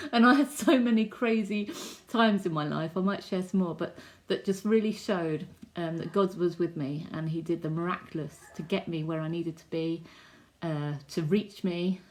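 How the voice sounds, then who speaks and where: A woman's voice: medium pitch, a little mellow, a little hiss or hum. Earnest woman telling her faith story, casual chatty way, lots of ums. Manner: earnest, heartfelt. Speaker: testimony speaker. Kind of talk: personal faith testimony.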